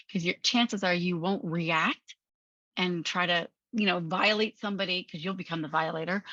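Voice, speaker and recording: A woman hosting a podcast, talking in an animated, emphatic coaching manner and laughing often. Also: lowish voice, no echo, highs cut off. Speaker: podcast host. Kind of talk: conversational coaching talk.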